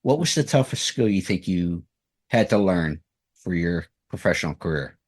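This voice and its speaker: A man's voice: low voice, lively intonation, moderate pace, slightly rough. A man hosting an interview show, asking long, rambling questions with restarts. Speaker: radio show host.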